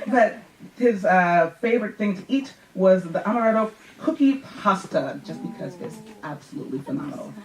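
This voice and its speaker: A woman's voice: mid-range voice, expressive, normal speed. Chatty woman introducing the next storyteller. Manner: chatty, a little flustered. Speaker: event host. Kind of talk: stage introduction. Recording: echoey room, distant mic, faint noise.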